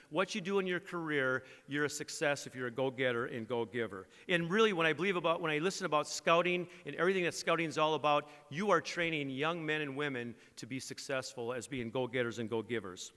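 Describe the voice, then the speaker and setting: A man's voice: a little high, pushed and bright. A middle-aged man giving an earnest, folksy motivational speech at an award event. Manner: earnest, folksy, uses an acronym and jokes. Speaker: credit union executive giving an award speech. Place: large event hall. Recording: reverberant banquet hall.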